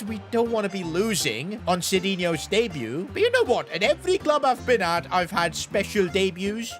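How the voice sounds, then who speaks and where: High-voiced hyped young male gamer. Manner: hyped, talks to viewers as boys, shouts at big moments. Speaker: gaming YouTuber. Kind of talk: excited gameplay commentary.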